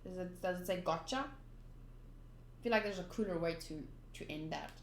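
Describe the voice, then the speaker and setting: A woman's voice: on the low side, normal speed, long pauses. A woman reading a manga aloud in a casual, chatty way, thinking aloud and giggling at the panels. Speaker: manga reader. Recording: echoey room.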